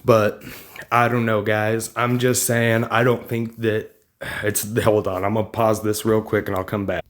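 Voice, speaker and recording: A man's voice: fairly low pitch, level tone, a little slow. A man ranting in a political vlog, combative and mocking, loose and rambling with some swearing. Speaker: vlogger.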